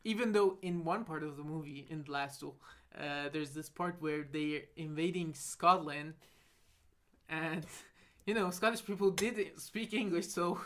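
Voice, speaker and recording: A woman co-hosting a film podcast in casual chat, sarcastic and quick to laugh. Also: low voice. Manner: animated, sarcastic, laughs often. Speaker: podcast co-host.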